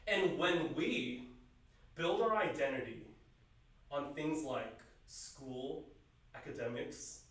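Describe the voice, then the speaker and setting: A man preaching a youth sermon in earnest, asking his listeners questions and swinging between loud emphasis and quiet, hushed lines. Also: fairly high pitch. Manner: asks the listeners repeated questions. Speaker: youth pastor. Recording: very echoey room, voice from some distance.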